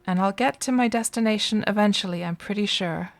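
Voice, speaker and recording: Here a woman with a creaky, mid-range voice talks a little fast while streaming a game, with no room sound audible. Using a desk microphone, she banters casually with viewers and responds to what happens in the game.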